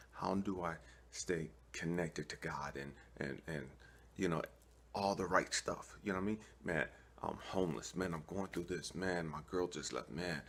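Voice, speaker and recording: An online preacher from California, with a slightly rough bass voice, tells animated stories to camera in a casual preaching style. He uses street slang, acts out both sides of exchanges, and keeps asking "you know what I mean."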